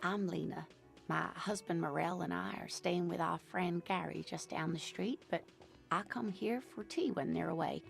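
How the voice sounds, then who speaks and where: A woman's voice: fairly low pitch, moderate pace, gravelly, faint music behind. A sweet scatterbrained old lady. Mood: fond. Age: older. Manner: sweet, old-fashioned, calls people sweetie. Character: kindly, scatterbrained old married woman in a wheelchair. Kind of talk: game dialogue.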